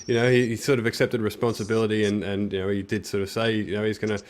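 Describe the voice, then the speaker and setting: A man's voice: fairly low pitch, little pitch movement, fast talker. A man hosting a fight podcast, speaking carefully with many ums and hedges. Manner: hesitant, full of ums and hedges. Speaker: podcast host. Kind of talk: casual podcast chat.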